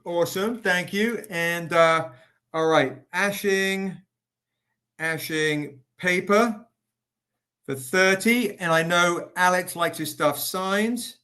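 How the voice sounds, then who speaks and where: A man hosting a live stream, chatting with viewers by name and pitching comic editions in a casual, upbeat way. He sounds tired and says he is recovering. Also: takes it slowly, pushed and bright. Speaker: livestream host selling comics.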